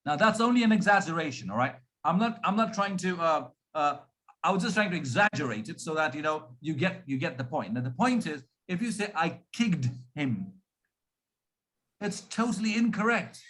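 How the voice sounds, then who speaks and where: Indian man, RP-leaning accent, high voice; speech coach, deliberate and demonstrative. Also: animated, fairly bright tone. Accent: Indian English, RP-influenced. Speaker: pronunciation coach. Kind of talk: speech on pronunciation.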